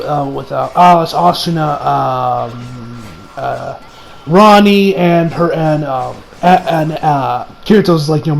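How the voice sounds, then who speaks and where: A man giving a casual video review, excitable and rambling, full of slang and laughter. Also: a little high, slight background noise, rough recording. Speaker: anime reviewer.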